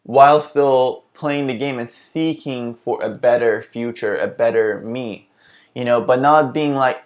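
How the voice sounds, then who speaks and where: A man's voice: mid-range voice, unhurried. A man hosting a casual self-help vlog, talking earnestly and reflectively, often restarting his sentences as he thinks aloud. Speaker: vlog host.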